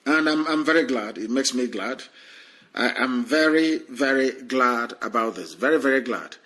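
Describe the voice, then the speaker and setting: Guy running a live call-in stream, keeps repeating himself, bright tense tone. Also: medium pitch, expressive, normal speed, rough recording. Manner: fervent, repetitive, talks over callers. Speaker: live stream host taking calls. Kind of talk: call-in talk show.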